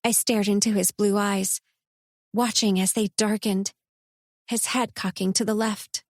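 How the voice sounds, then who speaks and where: A woman narrating a first-person romance audiobook in a measured, intimate reading. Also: mid-range voice, steady tone, dry recording, clean studio sound.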